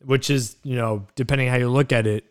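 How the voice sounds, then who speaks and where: A man's voice: mid-range voice, steady tone, fairly quick, a little mellow, clean tone. A man co-hosting a casual sports podcast, thinking aloud and searching for words as he talks. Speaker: podcast co-host. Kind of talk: casual chat.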